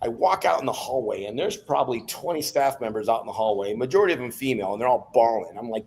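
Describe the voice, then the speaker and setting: A middle-aged man, a podcast guest, telling stories in a lively, joking way with many restarts. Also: medium pitch, fast, hardly any pauses, a little hiss or hum. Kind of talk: casual storytelling.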